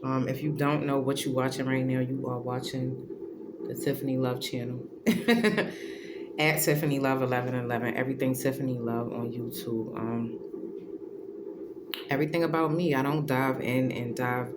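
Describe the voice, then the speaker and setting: A woman's voice: very deep voice, fairly even intonation, normal speed, very noisy. A woman hosting her own vlog, talking candidly and rambling into a phone camera she handles herself at home, with lots of ums and repeats. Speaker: vlogger, channel host. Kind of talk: casual to-camera vlog chat.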